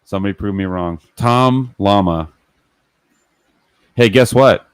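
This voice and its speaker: A man's voice: on the low side, a little slow, clean tone, no echo. A man hosting a casual livestream, chatty and rambling with fillers. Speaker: livestream host.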